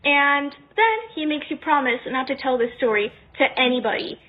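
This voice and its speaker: A woman's voice: sits high, moderate pace, over loud music. A young woman casually telling a story in the second person, acting out bits of dialogue. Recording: tinny phone-like sound.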